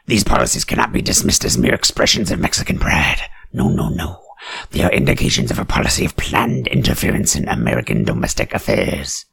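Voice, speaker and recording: A man reading a political text in a mock-serious way, with sarcastic ranting asides and sudden shouted outbursts. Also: extremely low pitch, sing-song, brisk, vocal fry, slightly rough. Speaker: satirical commentator.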